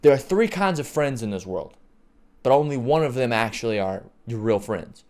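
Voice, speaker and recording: A man preaching a sermon in an excitable, joking way, repeating phrases for emphasis. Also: medium pitch, normal speed. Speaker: pastor.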